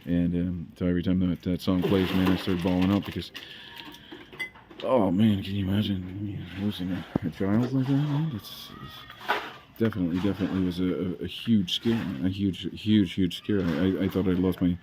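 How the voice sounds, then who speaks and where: A man's voice: low voice, fairly even intonation, moderate pace, noisy background. A man chatting casually as a vlogger, rambling and hesitant, with many fillers and repeated words.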